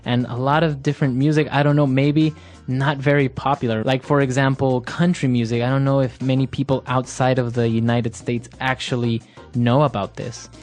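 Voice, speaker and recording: Mid-pitched man hosting a lesson. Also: little pitch movement, normal speed, a little mellow, soft background music. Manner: asks questions, laughs easily. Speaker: podcast host. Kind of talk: casual teaching chat.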